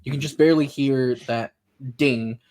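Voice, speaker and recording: A man's voice: mid-range voice, steady tone, normal speed, darkish tone, a little hiss or hum. A man narrating as game master for a tabletop role-playing game, talking loosely with frequent fillers and restarts.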